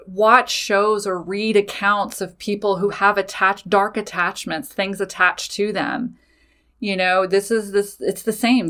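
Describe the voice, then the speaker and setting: A woman who is a mother and a podcast host, casually telling a personal story, animated, swearing freely and talking straight to her listeners. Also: mid-range voice. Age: adult with children.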